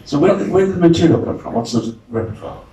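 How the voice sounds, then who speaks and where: A man's voice: fairly high pitch, expressive, fast talker, mellow. A man interviewing a guest, prompting her with brief questions. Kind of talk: casual interview. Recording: distant mic in echoey room.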